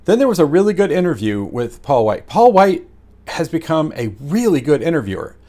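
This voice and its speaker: A man casually reviewing wrestling matches in a rambling, animated way, with lots of fillers and chuckles. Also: a little high, fairly quick.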